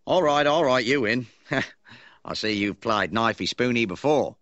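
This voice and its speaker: Man putting on a drawling outback tough guy, lively swooping pitch, slow, dull dry lo-fi sound. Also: dry recording. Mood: swaggering. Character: rugged outback man brandishing a huge knife.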